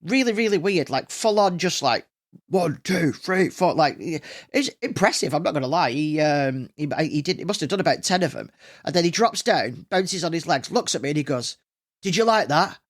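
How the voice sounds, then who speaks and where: A man's voice: a little high, expressive, normal speed. A man hosting a solo podcast, chatting casually and rambling with plenty of fillers and restarts. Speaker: podcast host.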